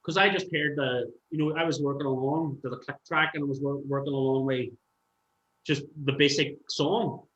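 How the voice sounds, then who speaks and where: A man's voice: medium pitch, steady tone, moderate pace, fairly bright tone. A man, a musician guest chatting casually and telling stories animatedly, swearing freely. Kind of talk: casual podcast chat. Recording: roomy, dull-sounding room.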